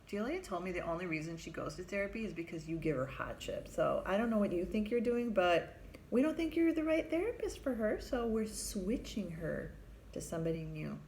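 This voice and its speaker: A woman's voice: mid-range voice, sing-song, fairly quick, darkish tone, a little hiss or hum. A woman quoting a curt, disapproving female caseworker in a blunt, matter-of-fact way.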